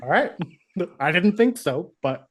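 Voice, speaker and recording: A podcast co-host with a slightly higher-than-average male voice walks slowly through an episode recap, his tone carrying a breathy edge. He is casual but animated, often acting out the characters' lines.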